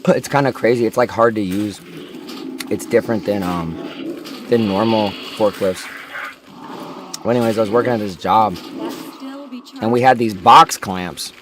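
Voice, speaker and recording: A man's voice: on the low side, normal speed, long pauses, fairly bright tone, a little hiss or hum. A young man livestreaming a game while telling a rambling, profane story full of filler words.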